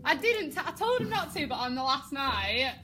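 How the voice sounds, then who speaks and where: English drama teacher lady acting out lines, bit high voice, noisy room. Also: moderate pace. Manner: animated, acts out lines and laughs often.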